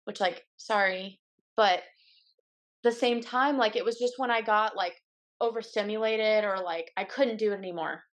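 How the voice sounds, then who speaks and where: A woman in her twenties, medium-pitched and speaking at a moderate pace, appears as a podcast guest in a casual chat. Loose, candid and blunt, she slips into playful quoted lines in her own voice.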